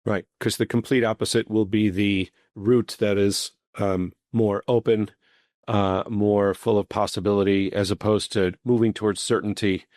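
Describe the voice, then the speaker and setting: A man hosting a podcast interview thinks aloud, searching for the right words and trying out phrases as he goes. His voice is on the lower side. The sound is close and dry. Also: little pitch movement, moderate pace, a little mellow, no echo. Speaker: podcast host. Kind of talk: casual interview chat.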